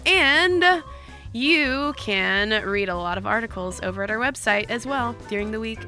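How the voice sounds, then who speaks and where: Woman, podcast co-host, reads listener mail, chatty, laughs easily, bright voice. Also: on the high side, lively intonation, a little slow, soft background music. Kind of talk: casual chat, reading listener mail.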